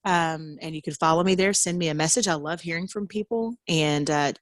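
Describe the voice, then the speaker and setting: Low-pitched woman from Arkansas, modest and chatty guest, dry close sound. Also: a little fast, no echo. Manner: modest, chatty, laughs easily. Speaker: guest singer-songwriter. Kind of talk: casual interview chat.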